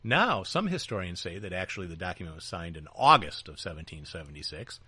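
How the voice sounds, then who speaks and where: Bright-voiced joking talk show host. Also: male voice, low-pitched, very animated, brisk, breathy edge, dry recording. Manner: joking, teasing, many fillers and restarts. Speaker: podcast co-host. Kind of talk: casual political talk show banter. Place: small back-room studio.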